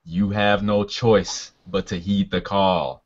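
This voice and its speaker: A man voicing a lofty cosmic knight who proclaims in a booming, solemn manner, heard on a dull lo-fi recording. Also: fairly even intonation, slow pace. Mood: solemn, proclaiming. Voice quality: echoing, booming.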